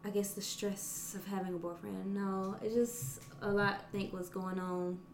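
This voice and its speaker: A woman's voice: medium pitch, level tone, a little slow, a little hiss or hum. A woman talking in a hesitant, reflective way, laughing often, in a casual podcast conversation. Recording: roomy echo.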